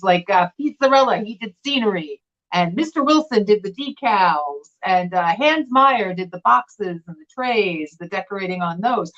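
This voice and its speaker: A woman's voice: medium pitch, dull audio. Chatty woman showing vintage glass. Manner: chatty, animated, showing items to camera. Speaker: vintage glass seller and co-host. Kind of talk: casual live-stream chat.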